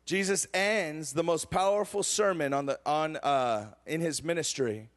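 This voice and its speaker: A young adult man preaching a sermon, telling a personal story with emotional swings from excited to hushed. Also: on the high side, unhurried.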